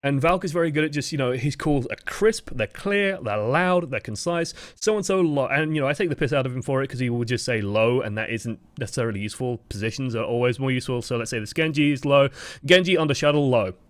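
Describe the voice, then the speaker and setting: A young man talks fast through a live-streamed gameplay review, coaching in a projected, expressive voice that sits at an ordinary pitch. He swears casually as he breaks down plays. The sound is close and dry, with little room around it. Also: dry recording. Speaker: game coach reviewing footage.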